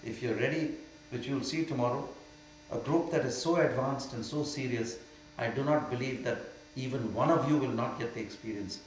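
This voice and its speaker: An older man with an Indian accent gives a spiritual Q&A talk, emphatic and often mocking. His voice sits at a middle pitch. It rings through a very echoey hall over a faint mains hum. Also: normal speed. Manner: emphatic, swings from quiet to loud and mocking. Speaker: spiritual teacher.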